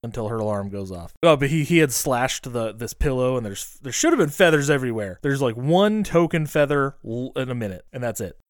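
A man's voice: mid-range voice, animated, fairly quick, few pauses, no room sound, studio quality. A man co-hosting a casual podcast, rambling through a plot recap with lots of swearing. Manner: profane, rambling plot recap acting out the characters' lines. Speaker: podcast co-host. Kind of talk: casual chat.

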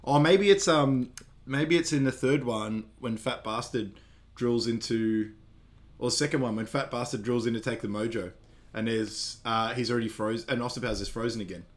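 A man's voice: medium pitch, moderate pace. A man, co-hosting a podcast, recapping a film in casual chat, rambling and laughing often. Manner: rambling, laughs often, stumbles over words. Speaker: podcast co-host.

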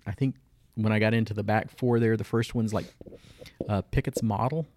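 A man's voice: fairly low pitch, fairly even intonation, moderate pace, a little mellow, no echo. A man co-hosting a podcast, casually reviewing shows in a laid-back way and giving dry verdicts. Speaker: podcast co-host.

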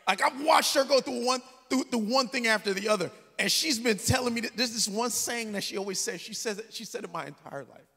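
A man preaching a sermon as a story, swinging from quiet talk to shouted peaks. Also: very high-pitched, fairly quick, vocal fry, hardly any pauses, slightly rough. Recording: long hall reverb.

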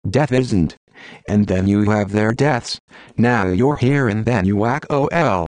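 A man's voice: lowish voice, takes it slowly, a little mellow, no room sound. A man reading a blunt young jock. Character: burly young male college jock. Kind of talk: audiobook narration of literary fiction.

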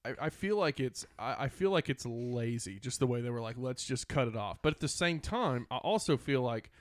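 A man's voice: mid-range voice, animated, fairly quick, no room sound. A married man co-hosting a podcast, chatting about a movie with sarcastic jokes. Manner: joking, sarcastic asides. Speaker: podcast co-host. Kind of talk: casual movie review chat.

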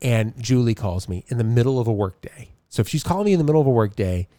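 A middle-aged man co-hosting a podcast in casual chat, telling stories with quick self-deprecating asides. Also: medium pitch, expressive, dark tone, no echo, clean studio sound. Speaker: podcast co-host.

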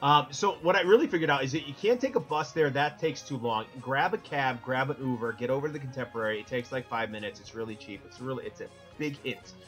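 A man's voice: medium pitch, fast, hardly any pauses, a bit bright, soft background music, poor audio. A middle-aged man from Connecticut, co-hosting a casual podcast roundtable, rambling and joking and cutting himself off mid-sentence. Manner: rambling, jokey, self-interrupting. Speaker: podcast co-host.

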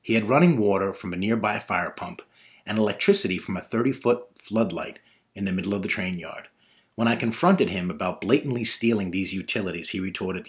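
Man, lowish voice, reflective first-person storyteller, measured delivery.

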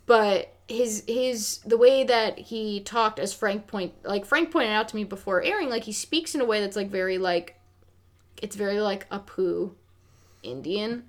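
A woman with a medium-pitched voice speaks unhurriedly as a podcast co-host in a casual film review. She's frank and relaxed, using lots of fillers and swearing occasionally.

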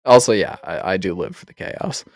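A man's voice: deep voice, lively intonation, a little fast, dry recording, studio quality. A man hosting a podcast in loose, profane casual chat, often laughing. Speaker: podcast host.

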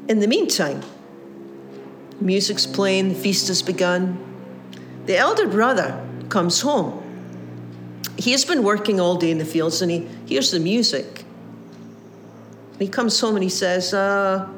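A woman preaching a sermon, retelling a parable with lively voiced quotes and frequent restarts. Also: lowish voice, slight background noise. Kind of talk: sermon storytelling.

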